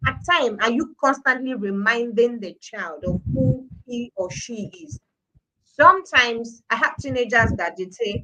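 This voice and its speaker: A middle-aged Nigerian woman talking on a live-stream show, her voice bright and forceful and pitched a little high. She presses her points hard and repeats key words for weight. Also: a little slow, rough recording. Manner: emphatic, repeating points for stress. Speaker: parenting speaker, guest.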